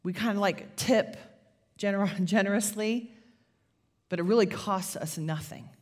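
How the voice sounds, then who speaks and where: A woman pastor, preaching a sermon in a conversational, animated storytelling way. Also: medium pitch, unhurried.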